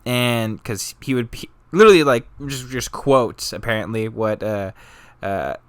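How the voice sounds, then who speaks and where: A man's voice: medium pitch, a little slow, a bit bright, clean tone, no room sound. A young man narrating history in a casual, rambling, joking and profane way. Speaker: history vlogger.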